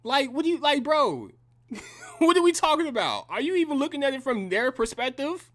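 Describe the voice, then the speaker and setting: A man's voice: very high-pitched, sing-song, moderate pace, fairly bright tone. A young man delivering a heated, profane and combative reaction rant in slangy language. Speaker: reaction commentator.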